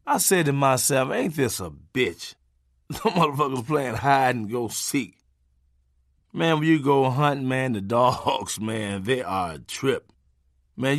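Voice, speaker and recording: Brief: male comic narrator, loose street-talk delivery, higher-pitched voice, dead-dry studio read. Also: no room sound. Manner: casual, street-talk, punctuated by "man". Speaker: comedian reading his memoir. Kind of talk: profane comic storytelling.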